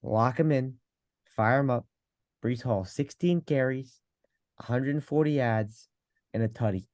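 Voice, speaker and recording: A man's voice: a little slow, a little mellow, no room sound, clean studio sound, lightly acted. A man putting on a brash, wisecracking Italian-American pizza guy with a put-on accent for a podcast comedy bit. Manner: swaggering, wisecracking pitchman. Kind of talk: comedic segment on a fantasy football podcast.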